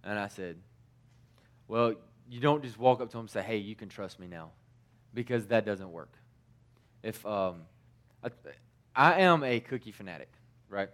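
A man's voice: lowish voice, animated, normal speed, a bit bright. Rambling man giving a casual sermon. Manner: rambling, frequent repeated restarts and fillers.

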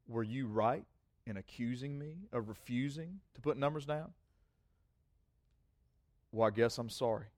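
In a self-mocking, rambling sermon, this pastor shares a personal story, repeating words often and performing both parts of a conversation himself. His medium-pitched voice is recorded at studio quality with no room sound.

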